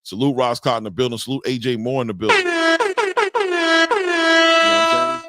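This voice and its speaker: A man hosting a casual boxing chat show, talking loosely with repeats and shout-outs. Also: mid-range voice, fairly even intonation, fairly quick, loud music behind the voice. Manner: loose, repetitive, hypes guests with shout-outs. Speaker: podcast host.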